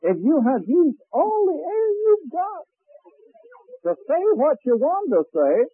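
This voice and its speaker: A man teaching a class on preaching, talking slowly and deliberately and demonstrating breathing as he explains. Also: extremely high pitch, big pitch swings, no room sound. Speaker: preaching instructor. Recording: tinny, phone-like old recording.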